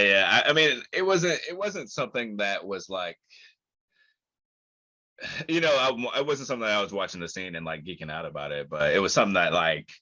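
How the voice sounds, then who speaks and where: A man with a very low yet bright, forceful voice chats loosely on a podcast and laughs easily. The recording is dull and a bit lo-fi. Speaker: podcast co-host. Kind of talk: casual chat.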